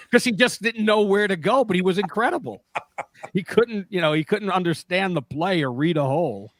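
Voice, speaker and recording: A man's voice: on the high side, animated, moderate pace, no room sound. A man co-hosting a radio show, telling sports stories and teasing the host. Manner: storytelling, teasing. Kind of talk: casual radio banter.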